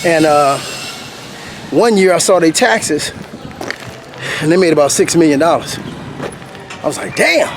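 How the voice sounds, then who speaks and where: A man with a fairly high voice talks through his story in a loose, animated vlog, acting out what people told him. He is walking uphill outside and sounds a little winded. Faint traffic hums behind him. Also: measured pace, long pauses. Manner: animated, laughs often, acts out what people said. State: slightly out of breath. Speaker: vlogger. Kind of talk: casual storytelling monologue.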